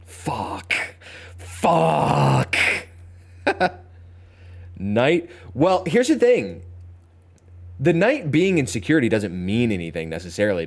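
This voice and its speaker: Young male streamer, deep and animated, casual chatty game commentary. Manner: chatty, talks to chat, thinks aloud, playful. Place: home streaming setup.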